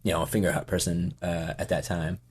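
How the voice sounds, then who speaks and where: A man in his forties talks in a casual interview, his voice sitting very low. He rambles, stops and restarts, filling gaps with "uh" and "you know". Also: level tone, husky. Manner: rambling, halting, many fillers and restarts. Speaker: podcast guest.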